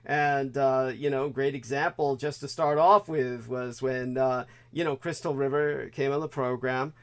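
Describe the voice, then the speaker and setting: A man hosting an online talk show, chatting in a loose, rambling way. His voice sits at an ordinary middle pitch. He stops and restarts often and fills gaps with "uh" and "you know". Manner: rambling, many fillers and restarts. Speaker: host. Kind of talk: casual talk-show chat.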